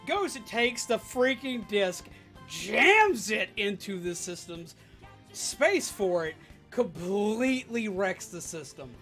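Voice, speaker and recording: A young adult livestream host telling a work story in an animated, sarcastic rant while chatting with viewers. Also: medium pitch, slow, soft background music. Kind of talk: live stream storytelling rant.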